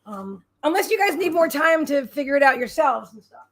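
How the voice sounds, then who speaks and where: A woman's voice: high voice, very animated, a little fast, fairly bright tone. A woman hosting a casual livestream from home, rambling and bubbly as she answers viewers' comments aloud. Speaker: livestream host and psychic reader.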